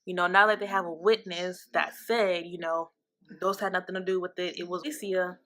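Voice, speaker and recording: A woman casually recapping a TV episode in a candid, profane and animated way. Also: lowish voice, brisk, a little hiss or hum. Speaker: TV show recap vlogger.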